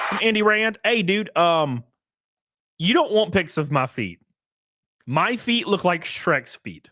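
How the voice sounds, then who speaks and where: A man's voice: sits high, sing-song, measured pace, crowd noise, noisy background. A young man casually chatting on a livestream, reading chat aloud with crude, rambling jokes.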